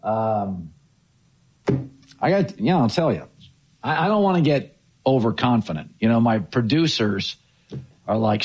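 A man hosting a sports talk show, joking and animated as he chats about games. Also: medium pitch. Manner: animated, joking, rapid-fire.

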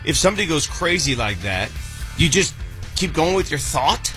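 Co-host, male, bright voice, emphatic and argumentative. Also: fairly high pitch, sing-song, normal speed, soft background music. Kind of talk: casual sports talk.

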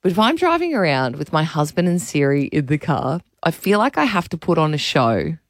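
A woman's voice: low-pitched, fairly quick, dry recording, clean studio sound. A woman radio host chatting casually and animatedly, poking fun at herself. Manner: chatty, self-mocking, animated storytelling. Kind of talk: casual chat.

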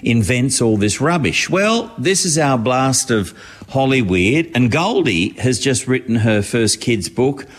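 Man, radio entertainment reporter, gossipy, lively intonation. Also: medium pitch, unhurried. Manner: chatty, gossipy, animated. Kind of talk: radio segment chat.

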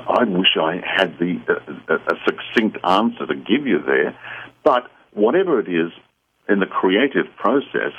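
Deep-voiced guy, kinda husky, earnest advice, tinny phone-line sound. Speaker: psychic guest. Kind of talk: radio call-in chat.

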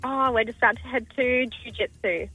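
Aussie lady calling into radio quiz, high voice, a bit hesitant, giggles. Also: steady tone, moderate pace, slightly rough, narrow, tinny audio, soft background music. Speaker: caller, quiz contestant. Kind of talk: casual phone-in chat.

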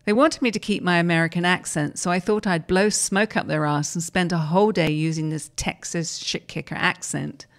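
Low-voiced woman reading a story aloud. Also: steady tone, normal speed, few pauses. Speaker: host reading articles.

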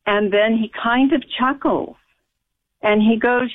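A woman's voice: a little high, steady tone, slow pace. Woman, American, guest telling a story, emphatic, rambling, tinny phone audio. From United States. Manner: rambling, emphatic, with frequent restarts and laughs. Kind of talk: recounting a personal story in conversation.

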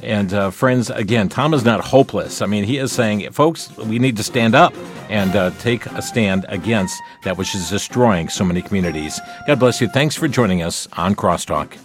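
A man's voice: fairly low pitch, moderate pace, few pauses, faint music behind. A man hosting a call-in radio show, taking callers and talking with his guest in a folksy, affirming way.

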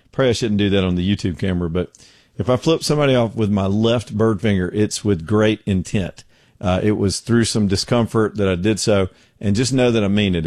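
A middle-aged radio host chats casually on his talk show from a home studio, spinning stories in a folksy, joking manner. His voice is fairly low and a little mellow, and the recording is dry.

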